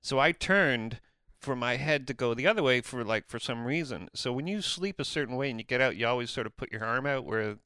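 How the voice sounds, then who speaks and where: A man telling road stories in casual chat, acting out shouted voices. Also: medium pitch, brisk, clean tone, no echo. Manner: animated storyteller, acts out shouting voices.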